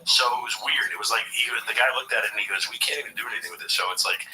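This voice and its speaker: Fast, bright-voiced man telling a story. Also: fairly low pitch, slight background noise, poor audio. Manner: animated storyteller acting out quotes. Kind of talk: casual podcast chat.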